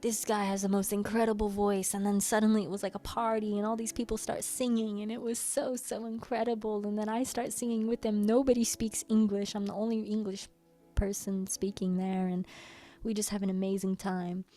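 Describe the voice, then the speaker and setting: Animated woman telling a casual story. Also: medium pitch, brisk, faint music behind. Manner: animated, playful, slips into quoted voices and humming. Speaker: workshop host.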